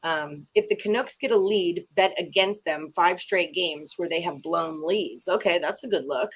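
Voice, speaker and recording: A woman's voice: on the low side, husky. A woman hosts a casual morning sports betting show. She talks in an upbeat, chatty way, zips through sponsor plugs, and sounds a little tired from a late night. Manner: upbeat, chatty, reads sponsor plug quickly.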